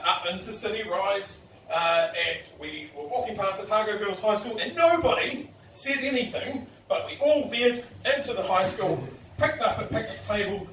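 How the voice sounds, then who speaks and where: A man's voice: high voice, sharp tone. A young man telling a brash, self-mocking stand-up story with swearing, on a bar stage. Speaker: stand-up comedian. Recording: echoey bar heard from far off, noisy.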